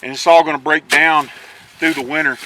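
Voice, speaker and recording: A man's voice: a little high, steady tone, a little fast, noisy background. A man casually explaining outdoor homestead work in an easygoing, plainspoken way, with frequent restarts. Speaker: homesteader showing his work.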